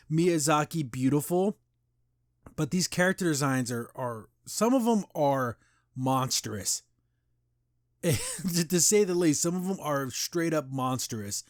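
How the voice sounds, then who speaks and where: A man's voice: fairly high pitch, no room sound, clean studio sound. Rambling sarcastic man hosting a podcast. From United States, grew up in Las Vegas. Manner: rambling, sarcastic, many restarts and repeated words. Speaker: podcast host. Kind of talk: casual opinionated review talk.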